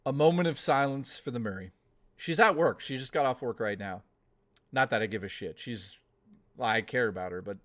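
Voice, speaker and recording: A man's voice: medium pitch, lively intonation, fairly bright tone. A man chatting casually on a live stream, thanking viewers and rambling into profane rants. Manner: rambling, profane, quick to rant. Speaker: livestreamer.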